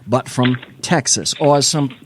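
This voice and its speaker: A man's voice: mid-range voice, unhurried, a little hiss or hum. A man hosting a late-night call-in talk show, joking and bantering with salty asides.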